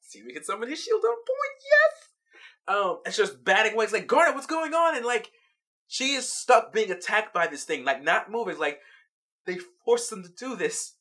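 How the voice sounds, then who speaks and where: A vlog host giving an animated, casual recap of a cartoon episode, laughing often as they tell it. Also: mid-range voice, a little fast.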